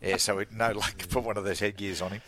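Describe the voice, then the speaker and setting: A man's voice: fairly low pitch, fairly even intonation, quick pace, fairly bright tone. An Australian man, a sports commentator guest, telling a laughing story in casual radio chat. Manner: yarn-spinning, laughing storyteller.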